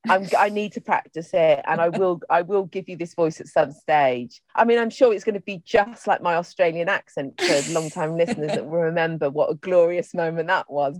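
A woman's voice: on the low side, darkish tone, no echo. A middle-aged woman chatting casually as a podcast co-host, rambling through stories with plenty of fillers and restarts. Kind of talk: casual chat.

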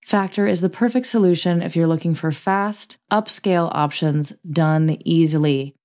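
A woman co-hosting a podcast in casual, playful chat, laughing often and reading sponsor copy briskly. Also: fairly low pitch, a little mellow. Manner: playful, giggly, reads ads briskly. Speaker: podcast co-host.

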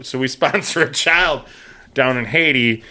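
A man in his thirties, a podcast co-host, telling a story in casual chat, animated and swearing freely while acting out the other voices. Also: mid-range voice, unhurried.

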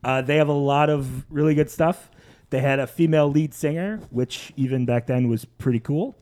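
A man's voice: a little high, normal speed. A middle-aged man co-hosting a podcast, telling stories in a loose, joking way. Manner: animated, jokey storyteller. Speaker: podcast co-host. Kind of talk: casual chat.

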